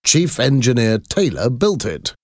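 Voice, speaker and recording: A man's voice: mid-range voice, big pitch swings, unhurried, no room sound, studio quality, pitched above the performer's own voice. A man voicing a kind, earnest Victorian doctor who speaks reassuringly. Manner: warm and reassuring.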